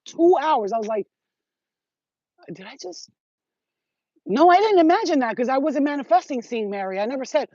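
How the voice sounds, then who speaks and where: Woman, higher voice, excitable and profane, rambling vlog talk, dry dull lo-fi sound. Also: no room sound. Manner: profane, excitable, streetwise slang. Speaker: spiritual vlogger. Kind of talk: rambling casual monologue to viewers.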